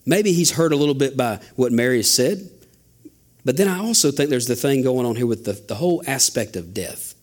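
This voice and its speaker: A man's voice: mid-range voice, lively intonation, fairly quick. A man preaching a sermon as a pastor, asking rhetorical questions and building emphasis. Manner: father.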